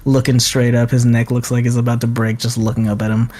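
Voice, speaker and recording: A man's voice: medium pitch, monotone, fast talker, a little mellow. A young man narrating as game master of a tabletop game, laughing often between filler words.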